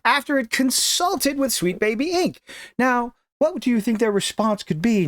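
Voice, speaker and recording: A man giving sarcastic, emphatic gaming news commentary with dramatic pauses. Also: extremely high pitch, animated, a bit bright, no echo, clean studio sound. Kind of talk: opinionated online commentary.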